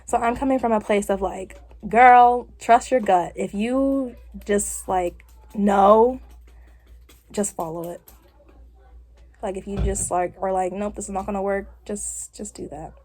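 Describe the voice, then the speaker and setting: A woman's voice: medium pitch, fairly even intonation, a little slow, darkish tone. Young woman rambling to her camera while getting her hair done, lots of likes and ums. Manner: rambling, chatty, with frequent fillers. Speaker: vlogger. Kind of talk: casual chat.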